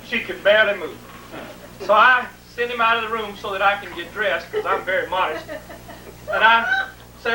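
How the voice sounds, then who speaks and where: A woman telling a long humorous story to a live audience in a folksy, drawn-out way. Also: medium pitch, pushed and bright. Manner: folksy, drawn-out, vivid retelling. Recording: distant, roomy, noisy 1980s video recording.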